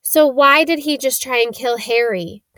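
A woman's voice: high-pitched, unhurried, dry recording. A woman voicing a clever, bookish schoolgirl who argues insistently, in a storybook reading. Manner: forceful, insistent. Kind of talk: reading character dialogue in a storybook.

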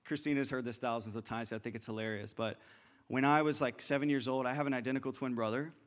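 A man's voice: medium pitch, steady tone, fast. A young man preaching a sermon as pastor, earnest and conversational, often restarting his sentences.

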